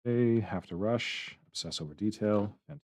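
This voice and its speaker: A man's voice: lowish voice, normal speed, darkish tone, no room sound, clean studio sound. A man streaming his hobby sculpting, talking to himself in short, casual remarks as he works. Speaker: miniature terrain sculptor streaming his work. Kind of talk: casual running commentary while working.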